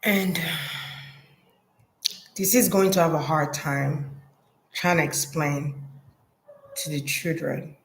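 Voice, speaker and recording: A woman's voice: low voice, takes it slowly, pauses often. A woman giving a psychic reading in a hesitant, murmuring way, repeating words and trailing off. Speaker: psychic reader. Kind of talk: intuitive reading monologue.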